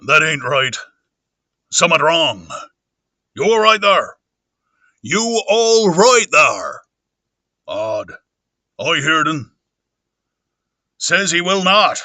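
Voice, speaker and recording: A man's voice: on the high side, very animated, extremely slow, long pauses, bright, forceful tone, dry recording, heavily acted. A man voicing a plain-spoken rustic innkeeper with country dialect speech, for an audiobook. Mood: puzzled.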